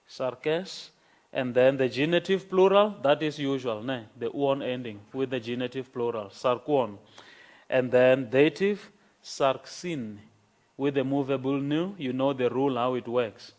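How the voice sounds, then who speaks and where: A man lecturing a class on grammar, speaking slowly and checking in with "okay?" after his points. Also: medium pitch, a little mellow. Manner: slow, repeats words and checks in with "okay?".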